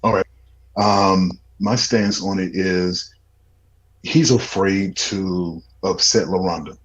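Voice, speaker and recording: A man on a podcast panel giving his opinion in a measured, plain-spoken way. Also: deep voice, fairly even intonation, rough recording. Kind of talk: casual podcast chat.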